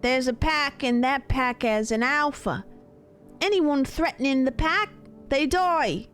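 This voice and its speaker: A ruthless, preachy pack leader in a game, talking in a wobbly attempted British accent, as a woman puts him on. The voice sits high and a little thin for a tough man. Faint game music plays behind. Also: expressive, slow, fairly bright tone, exaggerated voice. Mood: menacing. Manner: preachy, shaky put-on accent.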